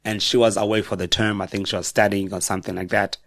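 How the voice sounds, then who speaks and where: A middle-aged South African man with a South African accent, a guest on a podcast, telling personal stories in a reflective, halting way with frequent self-corrections. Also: lowish voice, flat delivery, fairly bright tone, no echo, studio quality. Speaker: guest author. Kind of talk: personal storytelling in a podcast interview.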